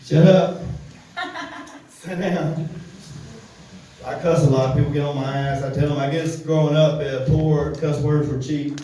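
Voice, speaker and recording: A man's voice: a little high, steady tone, a little slow, long pauses, warm tone, slight background noise. A man doing a loose, crude stand-up set, cursing a lot and laughing at his own jokes. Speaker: stand-up comedian. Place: comedy club room. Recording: echoey room, voice from far off.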